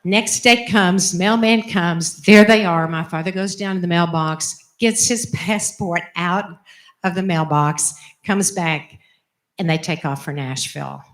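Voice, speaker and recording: Older nun telling her story, animated and emphatic, acts out the quotes, kinda low voice. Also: a little slow. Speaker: religious sister giving a testimony. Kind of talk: storytelling talk.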